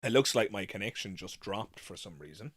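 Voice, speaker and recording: A man's voice: fairly low pitch, lively intonation, a little fast, fairly bright tone, no echo, clean studio sound. An Irish man hosting a live Q&A stream, chatting with viewers in rambling, exasperated rants with swearing. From Ireland. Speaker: livestream host.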